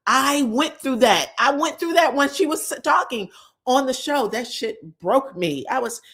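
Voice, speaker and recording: A woman in casual chat, recapping reality-show scenes for viewers with animated, emotional delivery and free swearing. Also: on the high side. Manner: retells scenes in others' voices.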